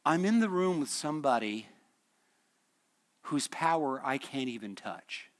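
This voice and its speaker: A man's voice: medium pitch, expressive, a little slow. A man teaching a midweek church lesson in a conversational, storytelling way, asking the class questions and chuckling often. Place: church hall.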